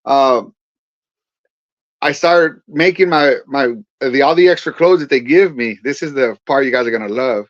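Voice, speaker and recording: Speaking at a moderate pace in a mid-range voice, this Central Valley man in his forties, a veteran turned pastor, shares his testimony as a guest with earnest storytelling and quoted lines. There's no room sound, and the dry audio is a little dull.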